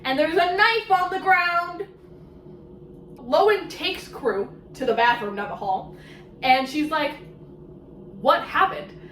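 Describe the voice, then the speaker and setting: A woman giving a casual, sarcastic, animated summary of a book she is reviewing. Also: high voice, slow pace, roomy sound, recorded from a distance, a little hiss or hum, rough recording. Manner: sarcastic, animated, exclamatory asides.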